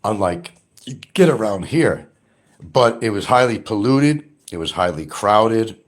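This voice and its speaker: A man's voice: lowish voice, expressive, unhurried. An older retired man talking bluntly and profanely on a casual livestream, mocking people and laughing often. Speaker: livestream host. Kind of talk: casual rambling livestream chat.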